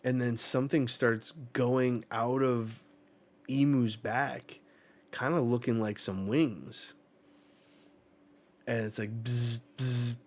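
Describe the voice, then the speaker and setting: A man hosting a live manga reaction, reading the panels aloud and reacting with excited swearing. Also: medium pitch, slow pace, pauses often.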